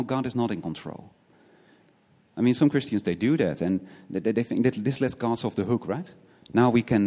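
A man with a fairly low voice preaches an earnest sermon, firing off rhetorical questions and tagging points with "right?". He often repeats words as he restarts a thought. His voice carries a long reverb, as in a church hall. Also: mellow.

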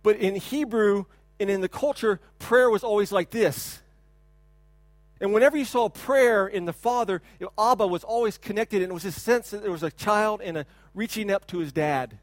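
A man in his thirties preaching a sermon, his voice sitting high for a man and sounding close and dry with little room around it. He talks loosely, repeats himself, and swings into loud, animated bursts. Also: moderate pace, no room sound. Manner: animated preaching, shouts to imitate a crying child; repeats words and restarts, conversational. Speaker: pastor. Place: church hall.

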